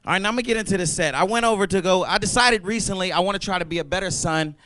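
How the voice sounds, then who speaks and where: A man's voice: sits high, rapid-fire, bright, forceful tone, no echo, clean studio sound. A young man doing a loose, profane stand-up set at an open mic, riffing on the crowd. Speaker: stand-up comedian. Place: comedy club stage at an open mic.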